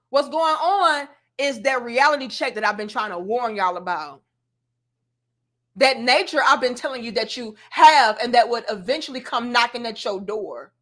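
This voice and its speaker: A woman's voice: high-pitched, pushed and bright. A woman giving an opinionated commentary rant, blunt and sassy, full of slang and lecturing. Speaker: commentary vlogger.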